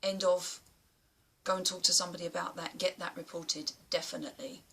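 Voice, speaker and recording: A woman's voice: on the low side, level tone, fairly quick, creaky, fairly bright tone, slightly rough. A woman talking blunt and emphatic to camera in a casual vlog, swearing now and then. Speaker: vlogger.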